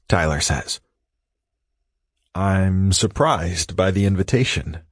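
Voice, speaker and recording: Steady and measured, an audiobook narrator reads in the first person with a very low male voice. The recording sounds dry and close, with no trace of the room.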